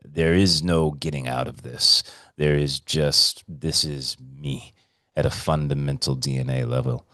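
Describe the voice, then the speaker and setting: A man with a very low voice in casual podcast chat. He tells stories in an animated way and swears freely. The sound is close and dry, with no room echo. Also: measured pace. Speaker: podcast co-host.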